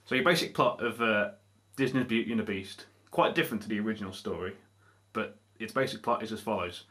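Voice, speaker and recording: A man's voice: lowish voice, fast. A man comically retelling a story to a friend in a playful, laughing way. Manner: playful, lively, breaks into laughter. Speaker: comedy video host.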